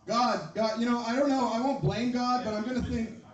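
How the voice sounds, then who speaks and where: Male stand-up comic, rambling, erupts into shouted bits; higher voice, echoey room. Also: fairly even intonation, brisk, muffled recording. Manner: rambling, shouts sudden impressions. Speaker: stand-up comedian. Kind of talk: stand-up set at an open mic. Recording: roomy, from a distance.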